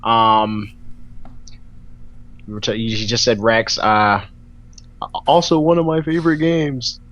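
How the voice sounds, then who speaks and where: A man's voice: mid-range voice, fairly even intonation, slow, fairly bright tone. A man joining a podcast over a video call, chatting hesitantly with lots of ums. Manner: hesitant, many ums, playful. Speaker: podcast guest. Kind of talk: casual chat. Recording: dull lo-fi video call audio.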